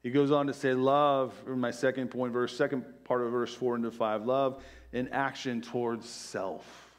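A middle-aged male pastor preaching a conversational sermon, peppered with "right?" asides and dropping to a soft hush on key phrases. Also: medium pitch, flat delivery, moderate pace. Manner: drops to quiet, soft emphasis on key phrases.

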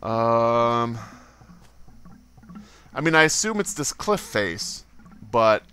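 A man's voice: mid-range voice, sing-song, very slow, pushed and bright, clean tone, faint music behind. Goofy man narrating his gameplay. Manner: goofy, muttering, swears, silly sound effects. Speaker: let's play host. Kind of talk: casual game commentary.

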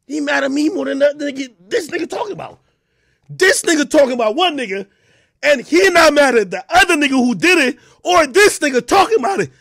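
A man with a high, wildly animated voice rants through reaction commentary. He jumps between shouts and low mutters. The sound is dry and close. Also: a little fast, vocal fry, no echo. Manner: loud, laughing, swings from shouts to mutters. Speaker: hip hop commentary streamer.

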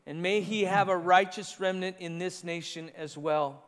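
A man's voice: sits high, steady tone, moderate pace, fairly bright tone, clean tone. A man preaching a sermon as pastor, earnest and repetitive in his phrasing. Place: church sanctuary. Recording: long reverb of a large church hall.

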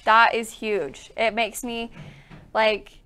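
A woman's voice: on the high side, little pitch movement, slow pace, pushed and bright, clear, resonant tone. A young woman co-hosting a quilt shop livestream, bubbly and gushing, laughing often as she chats. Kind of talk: casual livestream chat.

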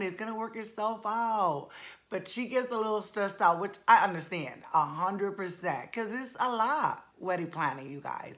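A woman's voice: fairly low pitch, fairly bright tone. A woman in her forties chatting casually to her viewers, full of slang and calling them y'all. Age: 40s. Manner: colloquial, playful slang. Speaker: vlogger. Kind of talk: casual chat.

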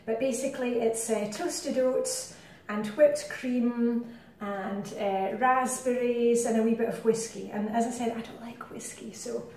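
Scottish lady chatting while she cooks, kinda high voice, super echoey kitchen, mic far off. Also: fairly even intonation, unhurried, a little mellow. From Scotland. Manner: chatty, rambling, self-deprecating asides. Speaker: cooking vlogger. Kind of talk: casual cooking demonstration. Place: home kitchen.

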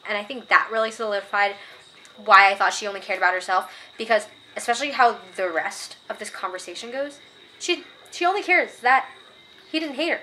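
A young woman talks through a book review in a casual, chatty way. Her voice is bright and clear. She is opinionated and gets worked up as she reads quoted passages aloud. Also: mid-range voice, a little fast, slight background noise.

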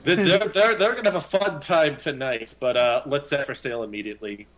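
A man's voice: a little high, a little fast, fairly bright tone, rough recording. A man at a tabletop game talking casually, often stammering and restarting. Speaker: player. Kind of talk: casual chat.

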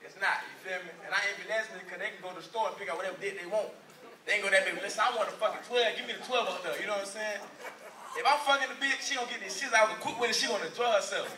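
Brash high-voiced stand-up comic, rapid-fire. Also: male voice, slight background noise. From Orlando, Florida. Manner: loud, profane, laughing through punchlines. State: tipsy. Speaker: stand-up comedian. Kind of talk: live stand-up set. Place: small live comedy venue. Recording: roomy live sound, mic at a distance.

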